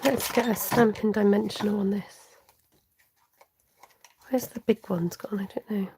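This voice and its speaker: A woman's voice: mid-range voice, fairly even intonation, measured pace, mellow, breathy edge. A woman hosting a live card-making tutorial, chatting to viewers and muttering half-whispered asides to herself as she works. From United Kingdom. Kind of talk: live-streamed craft tutorial.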